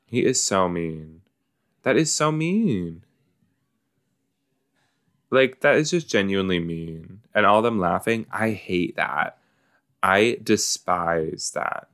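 A man's voice: sits low, animated, slow, long pauses, fairly bright tone, clear, resonant tone. A man hosting a casual watch-along podcast, reacting chattily to a show with lots of likes and you-knows. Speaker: podcast host reacting to an episode.

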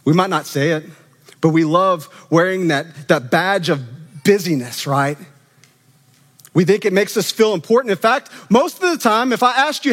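A man preaching an animated, conversational sermon as a student minister, acting out quoted voices. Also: high-pitched, normal speed. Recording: long reverb of a church hall.

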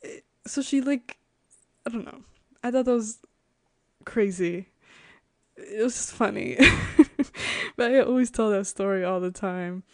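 The recording is dry with clean studio sound, and her medium-pitched voice is a little mellow, measured in pace, with frequent pauses. She's a young Connecticut woman hosting a podcast, chatting and rambling through childhood tales with lots of "like" and giggling.

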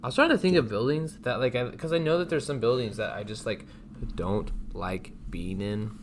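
A man's voice: medium pitch, normal speed, a little hiss or hum. A young man co-hosting a casual podcast, playful and rambling as he teases his friend. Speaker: podcast co-host. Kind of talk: casual chat.

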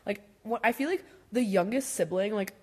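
A woman's voice: medium pitch, normal speed, husky. A young adult woman chatting casually on a podcast, with lots of filler words. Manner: chatty, heavy use of "like" fillers. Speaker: podcast guest or co-host. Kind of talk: casual chat.

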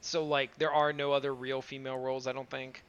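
A man's voice: medium pitch, level tone, brisk, fairly bright tone, clean tone. A man co-hosting a casual anime review podcast, rambling and sarcastic, swearing as he recaps the plot. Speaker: podcast co-host. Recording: dull lo-fi sound.

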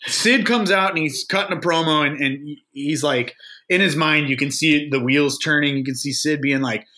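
Bright-voiced man telling wrestling stories. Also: fairly high pitch, normal speed. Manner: animated storyteller, quoting others in put-on voices. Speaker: podcast co-host. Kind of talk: casual chat.

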